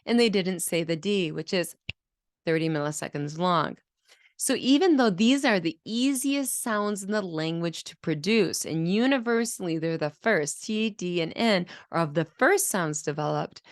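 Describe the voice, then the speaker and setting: A woman's voice: lowish voice, no room sound, studio quality. A woman who works as a speech-language pathologist, teaching a lesson in an explanatory way and demonstrating speech sounds. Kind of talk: educational video lesson.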